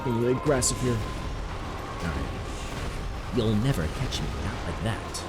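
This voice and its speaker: A man's voice: mid-range voice, expressive, a little slow, over loud music. A young man chatting casually while he streams a game, rambling and mocking his own mistakes. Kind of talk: casual gameplay commentary.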